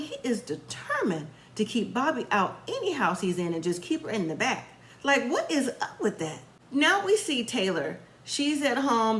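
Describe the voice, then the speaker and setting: A woman's voice: medium pitch, roomy sound, a little hiss or hum. A woman casually retelling a reality show episode, chatty and opinionated, acting out what the people said. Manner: chatty storytelling, acting out quotes. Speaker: reality show recap host. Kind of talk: casual recap commentary.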